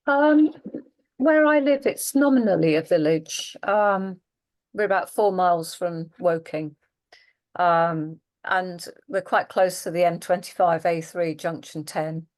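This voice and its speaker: Low-pitched woman talking plainly. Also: measured pace. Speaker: community group member. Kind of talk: casual group video call. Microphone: video call.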